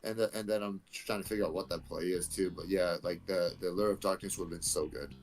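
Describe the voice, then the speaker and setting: A man thinking out loud in a low-key way as he plays a card game. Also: fairly even intonation, quick pace. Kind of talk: casual gaming chat.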